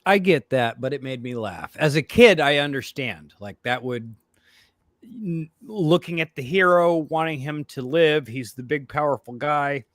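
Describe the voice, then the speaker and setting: A man's voice: fairly high pitch, unhurried, no echo, clean studio sound. A man co-hosting a casual movie-review podcast, with laid-back, crude joking banter. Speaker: podcast co-host.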